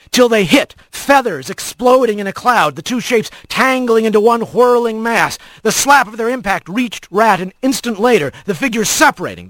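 A man's voice: high voice, a bit bright, dry recording. Man narrating an action story. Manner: tense, vivid storytelling. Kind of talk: audiobook narration.

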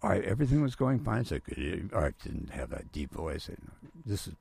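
An older man, a retired professor, telling lively anecdotes in a radio interview and acting out the voices of people he quotes. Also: sits low, normal speed, gravelly, husky, dry recording. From Southern California. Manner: animated storyteller, acts out quoted voices. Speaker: guest storyteller.

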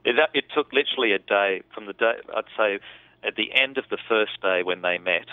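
A man's voice: fairly low pitch, brisk, no echo. A man, a film director, talking about his film in a casual interview, thoughtful and rambling with restarts. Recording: tinny phone line.

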